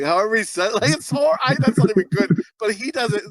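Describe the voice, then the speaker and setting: A man with a high, animated voice chats on a movie podcast. He rambles, laughs a lot and cracks crude jokes. The sound is dry and close. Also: quick pace, gravelly, no echo. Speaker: podcast co-host. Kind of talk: casual podcast chat.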